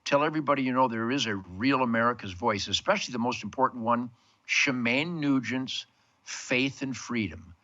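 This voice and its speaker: A man's voice: mid-range voice, normal speed, bright, forceful tone, lo-fi sound. An older man hosting a rambling, emphatic monologue from his home man cave, full of big words and wordplay. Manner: bombastic, emphatic, wordplay-heavy. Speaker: host.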